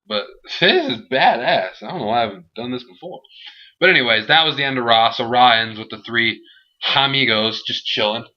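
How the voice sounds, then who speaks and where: Young dude rambling about wrestling, jokey, sharp bright voice, kinda muffled lo-fi audio. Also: male voice, medium pitch, animated, fairly quick. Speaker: wrestling show reviewer. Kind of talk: casual video review. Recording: dull lo-fi home recording.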